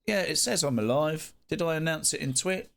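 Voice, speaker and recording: A live streamer chats casually with his viewers, playful and animated, tossing out sing-song greetings to chat. His voice is a little high and creaky, he talks fairly quickly, and there's heavy background noise.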